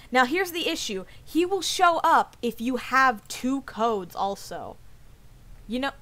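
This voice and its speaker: Her voice sits high, with lively intonation and a bright, forceful tone, though she speaks slowly and the recording is low quality. A young woman streaming a game, she keeps up casual let's-play chat, swearing heavily and at times dropping to a whisper.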